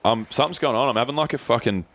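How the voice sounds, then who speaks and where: A man's voice: medium pitch, very fast, fairly bright tone. A young man co-hosting a podcast, telling a personal story in casual chat, swearing freely and acting out his friends' voices. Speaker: podcast co-host.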